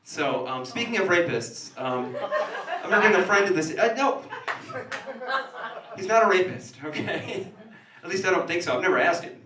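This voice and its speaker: A man's voice: sits high, expressive, normal speed, crowd noise. A man doing stand-up comedy in a small café, rambling and sardonic, recorded from a distance in an echoey room. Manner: rambling, self-interrupting, sardonic.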